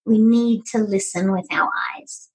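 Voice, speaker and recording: A woman talking as a podcast guest, telling stories with lively, animated energy. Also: mid-range voice, unhurried, husky, poor audio. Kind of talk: conversational storytelling.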